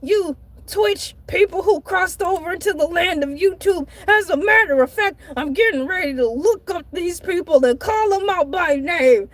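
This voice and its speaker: A woman's voice: animated, moderate pace, hardly any pauses. A woman voicing a boastful shark man who runs his own comedic vlog, rambling and giggly. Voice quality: very high, squeaky put-on voice.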